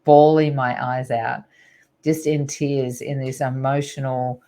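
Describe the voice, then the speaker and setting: A woman's voice: very deep voice, little pitch movement, slow pace, mellow. A middle-aged woman, a guest on an interview show, earnestly recounting a personal spiritual story in a rambling way with many fillers.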